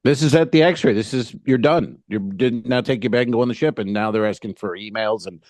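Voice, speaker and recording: Low-voiced man telling a comic story. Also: a little fast, no room sound. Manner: animated, exasperated storyteller. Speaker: podcast co-host and cruise ship entertainer. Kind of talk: casual comedic storytelling. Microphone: podcast mic on a boom arm.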